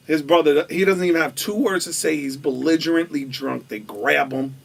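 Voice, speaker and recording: A man's voice: fairly high pitch, normal speed, gravelly, hardly any pauses, far from the mic. A man animatedly telling a wild anecdote as a guest, acting out the quoted voices and laughing as he goes. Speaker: storytelling guest.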